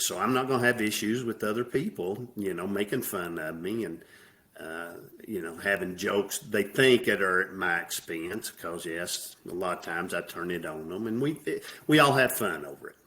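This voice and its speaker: Middle-aged man, Southern US accent, low-pitched, plainspoken drawl; interview guest. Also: moderate pace, fairly bright tone. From American South. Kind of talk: casual interview.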